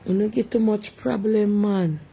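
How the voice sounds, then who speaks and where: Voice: mid-range voice, fairly even intonation, unhurried, gravelly, dark tone, husky. A live-stream host with a Jamaican accent, casually chatting and sharply scolding commenters with repeated rhetorical questions.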